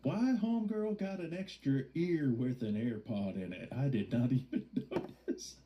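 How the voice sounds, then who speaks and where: A man's voice: mid-range voice, moderate pace, lo-fi sound. A man streaming live and cracking jokes as he reacts to clips. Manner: joking, wisecracking asides. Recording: noisy room ambience.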